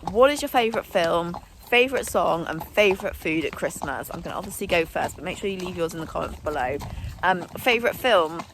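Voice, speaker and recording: A woman's voice: on the low side, lively intonation, brisk. A young woman chatting casually to camera as a riding instructor, talking about her day with a chatty, self-mocking manner. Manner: chatty, warm-hearted, laughs at herself. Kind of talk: casual vlog chat to camera. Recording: noisy outdoor recording.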